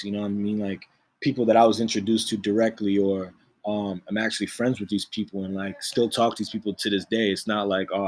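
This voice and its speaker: A man, a music producer, talking in a relaxed, slangy way as an interview guest, laughing often. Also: on the low side. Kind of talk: casual interview chat.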